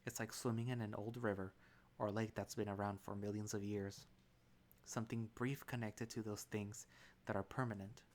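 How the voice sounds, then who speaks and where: A man narrating a visual novel in first person, calm and relaxed, with small restarts. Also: on the low side, normal speed.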